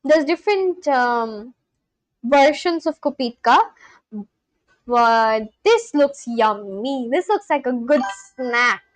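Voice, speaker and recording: A woman livestreaming in a casual chat, gushing excitedly and talking straight to her viewers. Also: high voice, slow, dry recording.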